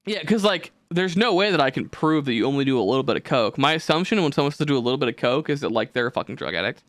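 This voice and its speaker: A man's voice: medium pitch, expressive, rapid-fire, a bit bright, no room sound. A man co-hosting a podcast, rambling casually with lots of swearing and fillers. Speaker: podcast co-host.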